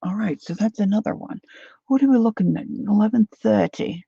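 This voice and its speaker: A woman's voice: medium pitch, fairly quick, vocal fry, mellow, husky, dry recording, lo-fi sound. A woman hosting a casual crafting livestream, chatting and thinking aloud as she works and answering viewers. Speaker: craft channel host.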